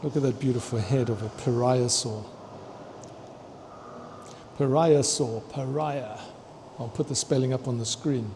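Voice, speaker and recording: A man excitedly touring a fossil museum, chatting to his viewers and tripping over long names. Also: mid-range voice, unhurried, pauses often, background noise. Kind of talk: walking museum tour vlog. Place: indoor museum hall.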